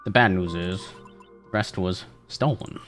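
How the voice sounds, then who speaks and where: A man voicing a gruff, sarcastic male rogue in a put-on Southern accent, with a dry drawl. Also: low voice, slow, fairly bright tone, faint music behind. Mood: guarded. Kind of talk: voicing characters while playing a game.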